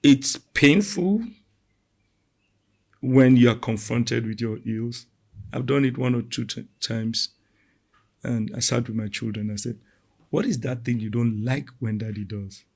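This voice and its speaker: A middle-aged man talking casually about parenting, animated and quick to act out the voices of the people he quotes. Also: medium pitch, vocal fry. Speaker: parenting podcast co-host. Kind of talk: casual conversational talk.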